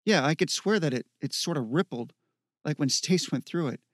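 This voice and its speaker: A stubborn teenage boy in an audiobook, read by a man, easily exasperated and quick to get defensive. His voice is a touch higher than usual. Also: expressive, dry recording, clean studio sound. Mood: puzzled.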